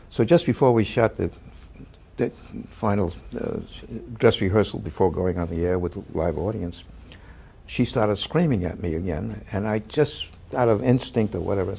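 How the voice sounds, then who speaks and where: An older actor tells an anecdote about a past role, speaking haltingly with lots of fillers and restarts and occasionally shouting the lines he quotes. His voice sits on the low side, creaky with a breathy edge.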